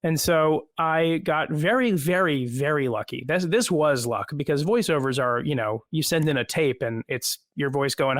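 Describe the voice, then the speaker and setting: A man, an actor as a guest, chatting in a casual video-call interview from home, self-deprecating and quick to laugh. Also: fairly high pitch, a bit bright, dry recording, clean studio sound.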